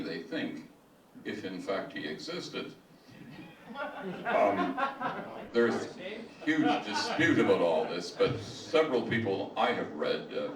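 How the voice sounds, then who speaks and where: Slow older man in an echoey room. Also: on the low side. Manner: slow, digressive, self-deprecating. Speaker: amateur classics reciter. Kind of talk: spoken lecture with recitation. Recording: echoey room, mic at a distance, faint hiss.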